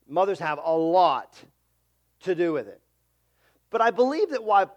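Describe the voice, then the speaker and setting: High-voiced earnest preaching man. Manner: earnest, conversational preaching with repetitions. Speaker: pastor. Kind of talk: sermon.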